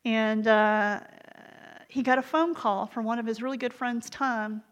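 Woman leading a faith book study, chatty storytelling w/ dry little asides, voice sits a bit high. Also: a little slow, in a large hall, low-quality recording. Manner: retells stories with wry asides. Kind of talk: conversational storytelling.

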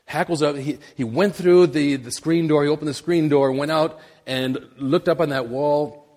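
A middle-aged man preaching, telling a personal story in a halting, animated way with many repeated words. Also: fairly high pitch. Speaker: missionary preacher.

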